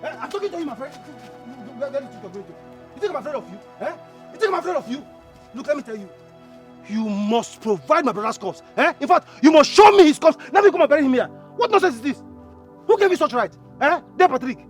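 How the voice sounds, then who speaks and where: An actor with a Nigerian accent playing an angry, grieving younger brother who shouts, stammers and keeps repeating himself. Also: male voice, extremely high pitch, big pitch swings, fast, faint music behind, full character voice. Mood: defiant. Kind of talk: Nollywood film acting.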